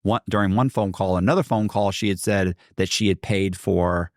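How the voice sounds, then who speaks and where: A middle-aged American man appears as a podcast guest, telling a long story casually and rambling with many restarts and asides. His voice is low-pitched and his pace moderate. The sound is clean studio audio with no room sound.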